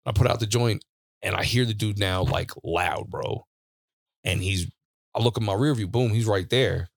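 Podcast host, man, lowish voice, dry close sound, loose and profane storytelling. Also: normal speed, vocal fry, no room sound. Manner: laid-back, profane, laughs often while telling stories. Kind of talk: casual storytelling chat. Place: studio.

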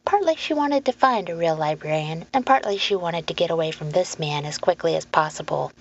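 A woman reading a children's story aloud in a calm, even narration. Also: lowish voice, a little fast. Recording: muffled lo-fi recording, faint hum.

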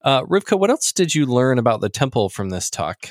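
A man's voice: mid-range voice, very animated, fairly quick, no room sound, studio quality. Thoughtful man hosting a discussion. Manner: thoughtful, with frequent fillers. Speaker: podcast host. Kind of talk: casual religious discussion.

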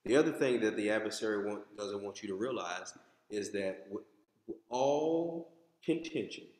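An American man preaching in a church, his voice swinging between loud punchy lines and low asides. He talks straight to the congregation in a loose, conversational way. The sound rings with a long echo, as in a large hall. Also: expressive, normal speed. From United States. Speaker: pastor. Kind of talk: sermon. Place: church sanctuary. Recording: echoey hall.

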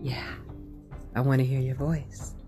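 Laughing, lively woman evangelist host. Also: a bass voice, unhurried, music in the background. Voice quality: loud laugh. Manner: lively, laughing, acts out quoted voices. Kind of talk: personal podcast talk.

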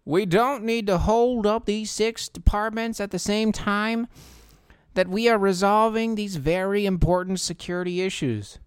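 A man's voice: unhurried, smooth, no echo, studio quality. A man mimicking an earnest female senator. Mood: mocking. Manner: mocking impression, raised pitch.

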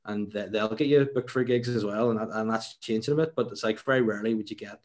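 A man's voice: lowish voice, quick pace, a little mellow. A young man with a Northern Irish accent, a stand-up comedian chatting casually in an interview, rambling with many restarts. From Northern Ireland.

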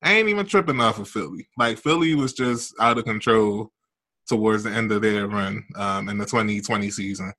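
A man with a deep voice co-hosting a sports podcast, chatting in an animated, emphatic way. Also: moderate pace. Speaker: podcast co-host. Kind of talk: casual sports podcast chat.

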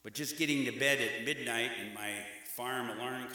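A man's voice: mid-range voice, normal speed, pushed and bright. A middle-aged man preaching a sermon, emphatic and rhythmic, repeating phrases for weight. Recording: echoey hall with long reverb.

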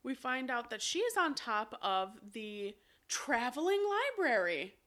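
A woman co-hosting a podcast, casually recapping a musical with lively, swearing retellings. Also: fairly high pitch, a little slow. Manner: animated, swears casually, acts out quotes. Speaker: podcast co-host.

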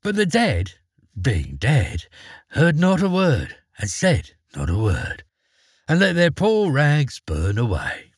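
A man narrating a fairy tale in an expressive, measured storytelling manner. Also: fairly high pitch, breathy edge, no echo, clean studio sound.

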